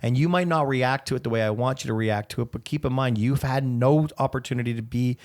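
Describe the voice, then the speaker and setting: A man's voice: medium pitch, fast talker, darkish tone. A man co-hosting a podcast, talking earnestly and then joking around, swearing freely. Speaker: podcast co-host. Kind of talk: casual chat.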